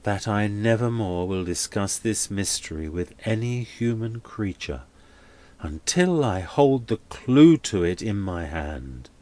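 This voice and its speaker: A man's voice: fairly low pitch, expressive, unhurried, a little mellow. A man voicing a grieving, vengeful male choirmaster in a solemn, grim way. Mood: grim vow.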